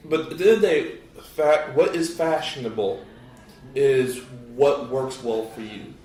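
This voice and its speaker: A man co-hosting a podcast in casual chat, expressive and opinionated, laughing easily. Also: mid-range voice, measured pace, roomy sound, distant mic, rough recording. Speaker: podcast co-host.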